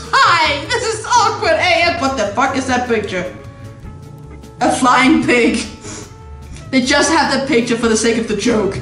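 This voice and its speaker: A woman doing let's play commentary, reading game text aloud, giggly and swearing in disbelief. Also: high voice. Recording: echoey room with music behind.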